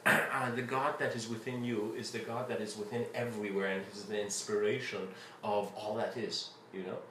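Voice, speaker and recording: A man's voice: medium pitch, fairly bright tone. A man giving a casual spiritual lecture, rambling and full of fillers and restarts as he tells a story. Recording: roomy with faint ambient noise.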